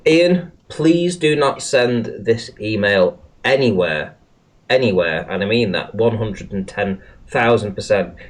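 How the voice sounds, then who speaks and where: A man hosting a livestream in casual talk, exasperated and swearing a lot, restarting his sentences often while working at his computer. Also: lowish voice. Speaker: livestream host.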